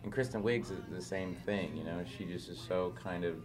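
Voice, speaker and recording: A man with a very low voice chatting casually as an actor guest in an interview. He rambles loosely through anecdotes, packing his talk with "you know" and "like". Music plays in the background. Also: moderate pace. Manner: rambling, filler-heavy storytelling.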